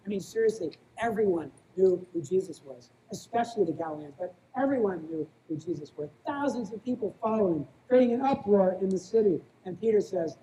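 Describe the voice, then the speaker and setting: A man's voice: sits high, animated, moderate pace, dark tone, low-quality recording. A male pastor preaching a sermon in a plain-spoken, conversational way, often checking in with the congregation by asking "right?". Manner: plain-spoken, calls himself a small-town guy.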